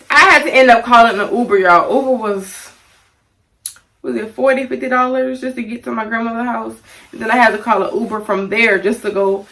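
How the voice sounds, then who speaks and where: Young woman doing a chatty storytime vlog, animated, mid pitch, mic a bit far off. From Louisiana. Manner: animated, chatty, addresses viewers as y'all. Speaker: vlogger. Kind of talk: casual storytime.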